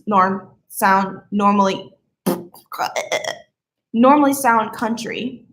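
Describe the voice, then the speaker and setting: A woman's voice: medium pitch, measured pace, a bit bright, a little hiss or hum. A young woman with a slight Southern accent, chatting casually on a live stream, rambling and easily sidetracked. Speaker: livestreamer.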